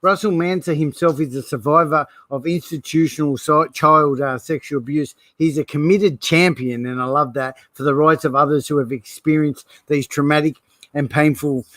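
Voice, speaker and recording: A man hosts a live online interview, friendly and encouraging toward his guest. His voice sits a little high for a man. The sound is dry and close. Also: steady tone, normal speed, fairly bright tone, no echo. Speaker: host.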